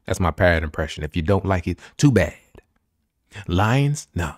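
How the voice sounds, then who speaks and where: A man's voice: low voice, sing-song, normal speed, dry recording, clean studio sound. A man hosting a podcast, giving an emphatic, repetitive motivational pep talk full of slang. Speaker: podcast host.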